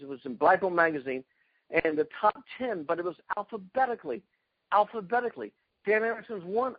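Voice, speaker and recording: Excited husky man telling stories. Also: high-pitched, dry recording, dull audio. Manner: excited, tells stories with acted-out quotes. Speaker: guest, karate fighter. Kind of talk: animated storytelling interview.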